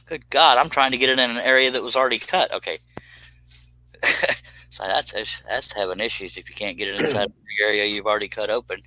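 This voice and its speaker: A man's voice: fairly low pitch, brisk, pushed and bright, low-quality recording. A man hosting a live stream, chatting casually and teasing while he works. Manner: dry, teasing humor with Southern phrasing. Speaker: live stream host, pattern maker. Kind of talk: casual chat while working.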